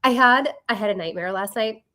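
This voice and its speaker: A woman in her forties co-hosting a podcast, telling stories in an animated way and acting out her own quotes. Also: mid-range voice, brisk. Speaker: podcast co-host. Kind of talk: casual chat.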